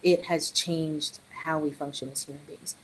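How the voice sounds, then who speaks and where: A middle-aged woman and early childhood educator, chatting on a podcast in an animated way with joking asides. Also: deep voice, moderate pace, slightly rough, low-quality recording. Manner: animated, joking asides, quotes others in raised voice. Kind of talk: casual podcast conversation.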